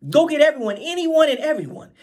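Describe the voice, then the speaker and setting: A man with a high voice preaches an informal Bible study with lively energy. He keeps circling back with "right?", laughs now and then, and slows down for scripture readings. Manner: animated, repeats phrases, calls out "right?" to listeners.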